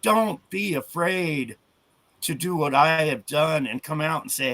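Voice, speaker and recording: Earnest male guest in a casual video chat, bright voice, halting delivery with many restarts. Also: a little high, creaky.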